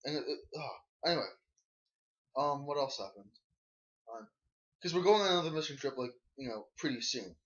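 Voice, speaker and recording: A man's voice: on the high side, expressive, a little fast, long pauses, fairly bright tone. A young man hosting a casual chat, rambling and hesitant with many fillers. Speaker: host. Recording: muffled lo-fi recording.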